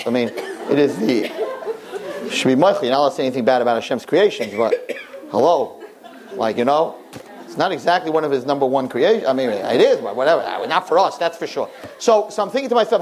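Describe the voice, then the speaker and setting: An older man, a rabbi, preaching a sermon through an animated story and often jumping into high, excited voices. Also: fast talker.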